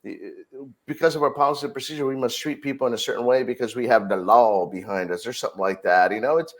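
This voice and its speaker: A man's voice: medium pitch, quick pace. A middle-aged man, a podcast guest, telling a work story in casual conversation and acting out the dialogue. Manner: animated storyteller, acts out dialogue. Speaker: podcast guest, security director.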